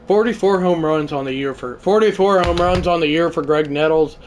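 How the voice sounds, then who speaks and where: A man hosting a live stream, calling a video game baseball match, shouting at big moments and mumbling goodbyes to chat. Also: a little fast, a little hiss or hum. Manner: excitable, shouts celebrations then drops to low mumbles. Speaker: livestream host.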